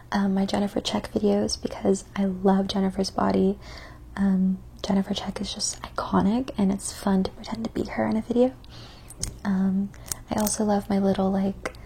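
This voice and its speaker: A woman doing a whispered ASMR Q&A, answering viewer questions softly and reflectively, drifting between whisper and a quiet spoken voice. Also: medium pitch, creaky, a little hiss or hum. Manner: soft, gentle whisper that keeps slipping into a quiet spoken voice; unhurried and reflective, with frequent "um" and "like".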